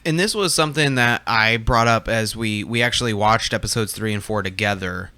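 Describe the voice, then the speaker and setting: A man's voice: fairly low pitch, a little fast, bright, forceful tone, clean tone, no echo. A young man co-hosting a casual fan podcast, talking chattily with fillers and restarts. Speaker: podcast co-host.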